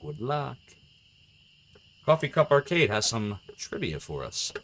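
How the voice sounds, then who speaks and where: Man, streamer, casual game chat, excitable, bright voice. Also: fairly low pitch, normal speed, a little hiss or hum. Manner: chatty and excitable, laughs often, gets flustered. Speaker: live streamer.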